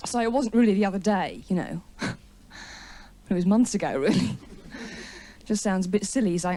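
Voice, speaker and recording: A woman's voice: mid-range voice, normal speed, mellow. A woman doing a wry, chatty stand-up comedy routine in a TV studio, with an audience laughing.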